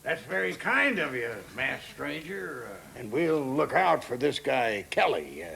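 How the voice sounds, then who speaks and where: An actor playing a friendly, hesitant frontier settler who fills pauses with "uh". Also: male voice, mid-range voice, sing-song, pushed and bright, a little hiss or hum, exaggerated voice. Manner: hesitant with fillers, gravelly.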